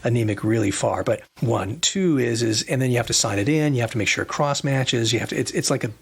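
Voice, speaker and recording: A man's voice: medium pitch, quick pace, gravelly, breathy edge. A middle-aged man, a surgeon hosting a podcast, telling stories in a rambling casual way with many fillers and restarts. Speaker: plastic surgeon and podcast host. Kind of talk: casual storytelling chat.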